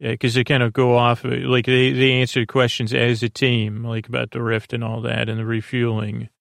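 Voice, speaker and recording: Brief: male podcast host, casual recap, rambling with lots of "uh" and restarts, gravelly voice, dry close sound. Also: medium pitch, monotone, moderate pace, fairly bright tone, no room sound. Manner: rambling, many fillers and self-corrections.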